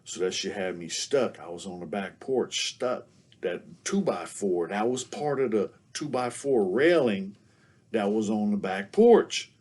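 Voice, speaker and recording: A man's voice: lowish voice, lively intonation, a little slow, a little mellow. A man telling a casual story as a show guest, packing nearly every phrase with "you know what I'm saying.".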